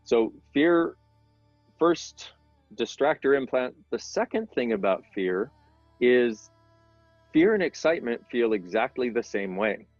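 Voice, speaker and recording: A man's voice: medium pitch, lively intonation, measured pace, dry recording. Middle-aged guy rambling earnestly as an interview guest, dull dry sound, faint music behind. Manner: earnest, rambling, self-deprecating. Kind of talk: casual explanatory talk.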